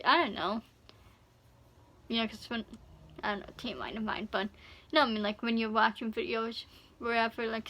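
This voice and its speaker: A woman talks through a casual reaction video in a bright, slightly high voice. She rambles and circles back, filling her sentences with "like" and "you know" as she explains herself to her viewers. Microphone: phone camera.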